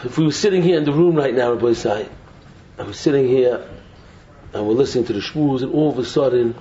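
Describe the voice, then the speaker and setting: Animated man giving a talk, echoey. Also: sits high. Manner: animated storytelling, acting out quotes. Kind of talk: Torah lecture to students. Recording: echoey muffled room recording, faint hum.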